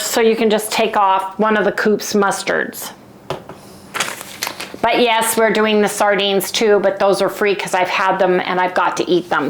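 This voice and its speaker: A woman's voice: mid-range voice, fairly bright tone. A middle-aged woman chatting casually and cheerfully to her viewers in a home vlog. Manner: chatty, upbeat, keeps saying "you guys". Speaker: vlogger. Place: at home, then in a restaurant.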